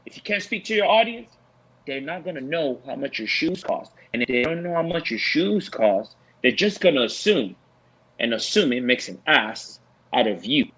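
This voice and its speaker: A man talking in an animated post-fight show discussion, preachy and emphatic, repeating his points for effect. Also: fairly high pitch, normal speed, breathy edge, low-quality recording. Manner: preachy, emphatic, repeats lines for effect, mocks with put-on voices.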